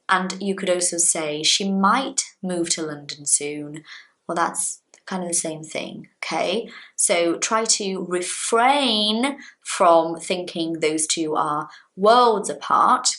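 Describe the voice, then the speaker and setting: A woman's voice: lowish voice, a bit bright. Chatty, reassuring Brazilian teacher woman. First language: Portuguese. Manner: chatty and reassuring, stretches words for emphasis. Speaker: English teacher. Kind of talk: casual lesson to camera.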